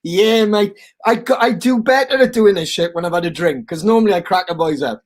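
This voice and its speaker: A man's voice: high voice, lively intonation, quick pace. A man in casual chat on a video call, joking around and trying out silly accents. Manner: jokey, tries silly accents. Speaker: guest.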